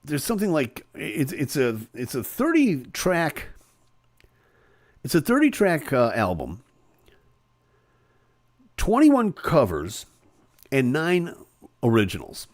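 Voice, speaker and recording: A male live-stream host, his voice on the high side with huge pitch swings, reads comments and chats casually. He stumbles through plenty of fillers and restarts in a chatty, halting way. There's no echo.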